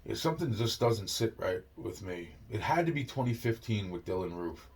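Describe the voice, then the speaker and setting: Man, young adult, slightly low voice, rambling monologue, heavy swearing, repetitive fillers. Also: very animated, moderate pace, a little mellow. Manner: rambling, profane, repeats filler phrases.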